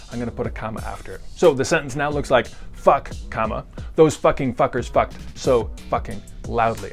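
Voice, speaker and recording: A man giving a casual video grammar lesson. He is relaxed and rambling, and jokes with crude humor. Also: medium pitch. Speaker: grammar teacher.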